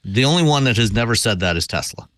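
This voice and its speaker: A man speaking as a guest on a tech panel, quick and thoughtful, hedging with "you know". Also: mid-range voice, animated, a bit bright. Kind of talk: casual panel discussion.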